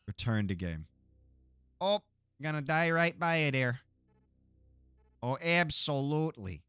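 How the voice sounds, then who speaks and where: A man's voice: a little high, big pitch swings, a little slow, long pauses, a bit bright, clear, resonant tone, no echo. A man from Texas chatting casually and cursing while streaming a game, laughing often. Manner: laid-back, profane, laughs often, jokey asides. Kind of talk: casual live gameplay chat.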